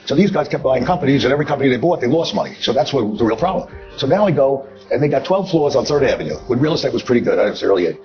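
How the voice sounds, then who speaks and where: Older man, blunt storyteller, rapid delivery, slightly muffled audio, faint music underneath. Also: medium pitch, big pitch swings. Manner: blunt, digressive, repeats himself with filler asides. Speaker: investor telling a business story. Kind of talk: anecdotal storytelling.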